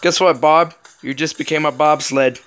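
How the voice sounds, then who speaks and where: A man doing let's play commentary, excitable and joking, swearing often. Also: on the high side, normal speed, faint music behind. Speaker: gaming commentator.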